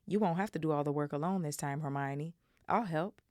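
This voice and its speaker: A woman's voice: sits low, a little fast, a little mellow, no echo, clean studio sound, close to an everyday voice. A woman voicing a loyal, scrappy teenage boy while reading a novel aloud. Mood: reassuring.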